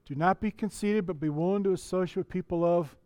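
A man's voice: high voice, fast, a little mellow, clean tone, no echo. A middle-aged man preaching a sermon as a pastor in a conversational way, asking the congregation questions and often restarting his sentences. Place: church.

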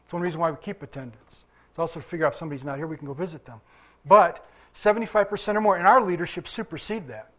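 High-voiced man preaching a sermon. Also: rapid-fire, pushed and bright. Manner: conversational preaching with asides and chuckles. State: limping after surgery. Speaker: pastor.

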